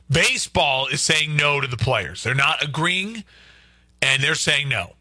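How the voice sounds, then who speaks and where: A man's voice: fairly high pitch, lively intonation, a little slow, sharp tone, no room sound. A man hosting a local sports talk radio show, arguing his points emphatically and repeating them for stress.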